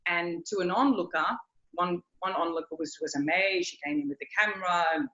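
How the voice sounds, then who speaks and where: A woman's voice: lowish voice, a little fast, fairly bright tone. A woman riding instructor telling a story in a recorded interview, earnest, often repeating her words. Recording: echoey, dull lo-fi sound.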